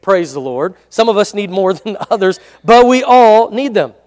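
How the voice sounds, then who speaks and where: High pitched guy preaching, easygoing, lots of amens, big echoey hall. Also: big pitch swings, normal speed, a little mellow. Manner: conversational preaching with frequent amen prompts. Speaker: pastor. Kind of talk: sermon. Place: church hall. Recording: long hall reverb.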